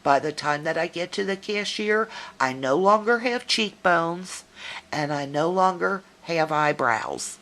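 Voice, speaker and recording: A middle-aged woman with a light Southern US accent talks to a viewer in a relaxed, folksy way. Her voice sits low for a woman, and she takes her time, drawing out her stories at an unhurried pace. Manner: chatty, folksy storytelling. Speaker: vlogger. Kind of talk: casual chat to a viewer.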